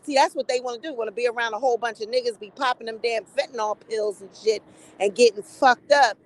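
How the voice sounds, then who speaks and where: Middle-aged woman, high-pitched, blunt and salty, running casual gossip commentary. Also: fast, rough recording. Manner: blunt, profane, animated gossip talk. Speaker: commentary vlogger.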